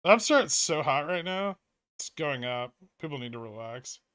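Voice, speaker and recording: Reading out viewer messages on his trading livestream, a male host responds drily and offhandedly in a casual chat. His voice sits a little high, with lively intonation, a moderate pace, and a slightly bright, clear, resonant tone free of room sound.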